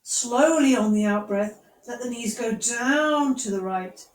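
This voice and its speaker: A woman guiding a yoga class with gentle, encouraging, unhurried instructions. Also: fairly high pitch. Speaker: yoga teacher. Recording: echoey room, voice from far off.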